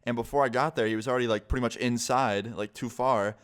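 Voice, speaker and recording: A man's voice: medium pitch, fairly even intonation, clear, resonant tone. A young man telling a story on his vlog in a casual, rambling way, full of fillers. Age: young adult. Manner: casual, fast-flowing storytelling with many fillers. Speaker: vlogger.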